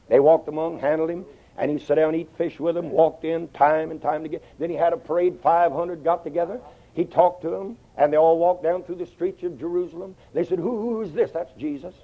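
A man preaching a sermon in an animated way, quoting scripture in old English wording and swinging his pitch widely. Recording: dull lo-fi old sermon tape.

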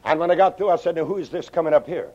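A man preaching a sermon in an animated way, quoting scripture in old English wording and swinging his pitch widely. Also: rapid-fire. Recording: dull lo-fi old sermon tape.

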